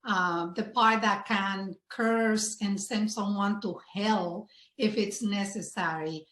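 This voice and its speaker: A woman panel guest speaking in an unhurried way, pausing on fillers. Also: mid-range voice, fairly even intonation, a bit bright, reverberant. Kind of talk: candid conversation.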